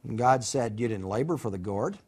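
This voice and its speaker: A man's voice: mid-range voice, expressive, a little fast, a little mellow, breathy edge. A middle-aged male professor giving a college Bible lecture, telling the story with animation and acting out characters' lines.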